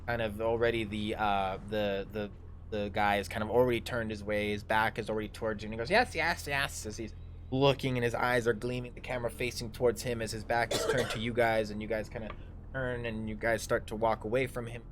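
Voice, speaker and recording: Improvising as he goes, a man with a deep voice runs a tabletop session as the dungeon master, his delivery flat. The narration is loose and halting, captured for a livestream with faint noise beneath it.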